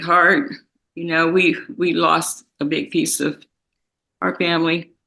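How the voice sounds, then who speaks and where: A woman's voice: low-pitched, creaky, pushed and bright. A woman from the victim's family speaking in a courtroom, unscripted and rambling, reproachful toward the defendant. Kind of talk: victim impact statement in court.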